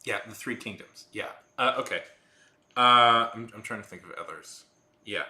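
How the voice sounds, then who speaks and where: A man's voice: fairly low pitch, normal speed, sharp tone, reverberant. A man hosting a casual live chat, rambling with many restarts and fillers. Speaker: livestream host.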